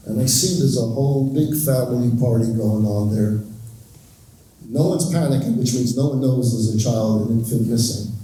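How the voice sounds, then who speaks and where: A man with a warm, mellow voice tells a gripping story to an audience, slowing and pausing to let key moments land. He sounds set back from the microphone in a large hall, with heavy reverb trailing every phrase. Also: mid-range voice. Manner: measured, with pauses and slowed phrases for emphasis. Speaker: event speaker. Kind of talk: dramatic first-person storytelling. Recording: very echoey hall, distant mic.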